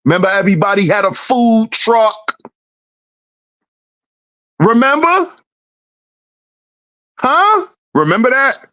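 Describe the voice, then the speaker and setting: Slow, swooping woman host, teasing rhetorical rant, repeats herself. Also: big pitch swings, a bit bright, dull audio. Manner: teasing, sing-song, repeats questions; swings in pitch, drawn-out words. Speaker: channel host.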